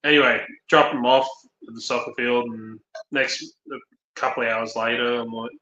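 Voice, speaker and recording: A man's voice: medium pitch, steady tone, moderate pace, pushed and bright, lo-fi sound. A man chatting casually on a podcast, rambling through stories with lots of ums and acting out the dialogue. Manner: rambling anecdotes, frequent ums, acts out dialogue. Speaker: podcast co-host. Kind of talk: casual chat, storytelling. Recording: roomy echo.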